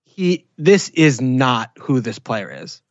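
A man's voice: medium pitch, lively intonation, slow pace, no echo. A man co-hosting a casual fantasy football chat, laid-back and hedging, swearing freely. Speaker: podcast co-host. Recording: dull dry lo-fi mic.

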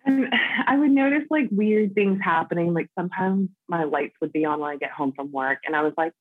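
A chatty American woman calling in, her voice low-pitched and a little husky. She fills her talk with "like" and "um", heard over a tinny, dry phone line. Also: expressive, a little fast, hardly any pauses, dry recording. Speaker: caller. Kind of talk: casual phone chat.

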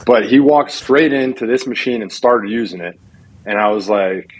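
A man who is a retired football player, a guest on a talk show, telling stories in an animated, self-mocking way. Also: fairly low pitch, moderate pace, slight background noise, rough recording. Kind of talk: casual chat on a talk show.

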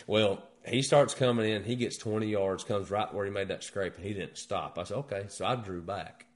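An American man with a low voice tells a hunting story in casual chat. He talks in an animated, profane way and gets worked up as the tale goes on. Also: normal speed. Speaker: guest hunter.

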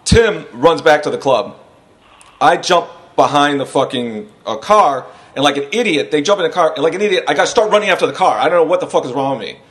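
A man's voice: on the high side, lively intonation, a little fast, a bit bright. Rambling, laughing man telling a story. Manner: profane, rambling, laughs through his own story. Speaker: podcast guest. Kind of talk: casual storytelling.

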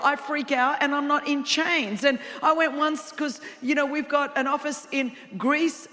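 A woman preaching a sermon, telling a story with humorous, animated asides. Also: sits high. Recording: long hall reverb.

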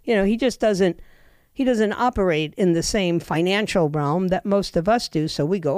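A woman's voice: fairly low pitch, moderate pace, darkish tone, clean tone, no room sound, clean studio sound. Sardonic woman talk radio host. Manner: chatty, sardonic, with frequent fillers and restarts. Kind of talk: opinionated talk radio monologue.

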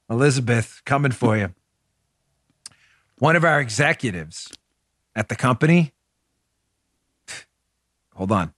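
Male talk host, mid pitch, sarcastic and heated, dry close studio sound. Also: lively intonation, unhurried, long pauses, a bit bright, no echo. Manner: sarcastic and mocking; emphatic and heated. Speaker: show host. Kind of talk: political commentary show.

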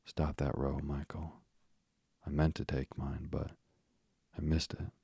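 Pompous blustering father from a storybook, read by a man, dark husky low voice. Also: level tone, takes it slowly, no echo, studio quality, exaggerated voice. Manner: huffy, blustering and childish. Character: pompous proud father, sulking over medicine.

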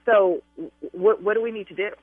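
An angry woman speaks on a phone call, pressing her demands hard and refusing to back down. She talks in firm, forceful bursts. Her voice is squeezed through a thin, dry telephone line. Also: medium pitch, fairly quick, no room sound, faint music behind. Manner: insistent, increasingly angry and demanding. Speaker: bride called by prank caller.

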